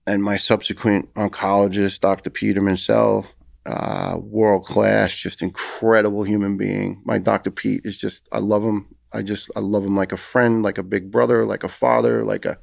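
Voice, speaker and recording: A middle-aged man with a New York accent tells a hard personal story as a podcast guest. His voice is low and gravelly, and it stays fairly flat in pitch. It is recorded dry and close. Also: moderate pace, no room sound. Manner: earnest, emotional retelling with repeated restarts. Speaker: guest, former firefighter.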